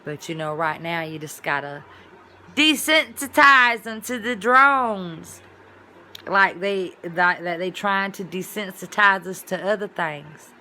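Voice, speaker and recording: A woman chatting straight to her viewers with a bright, forceful voice, spinning a rambling personal story. She talks loosely and conversationally and now and then bursts into loud exclamations. There is a faint noise behind her. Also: on the low side, normal speed, hardly any pauses. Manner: animated, colloquial storytelling with sudden loud exclamations. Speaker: vlogger. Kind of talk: casual storytelling vlog.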